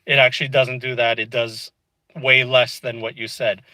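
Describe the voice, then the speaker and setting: A man's voice: mid-range voice, flat delivery, normal speed, sharp tone, no room sound, poor audio. A man vlogging from inside a car, casually telling a frustrating story and peppering it with "dude" and "you know what I mean.".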